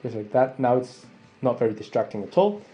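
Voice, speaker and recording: Young male tutor with a deep, dark tone and soft music underneath. Walks viewers through edits step by step. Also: brisk. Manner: steady step-by-step walkthrough, addressing viewers as guys. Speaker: photo editing tutor. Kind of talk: screen-recorded software tutorial.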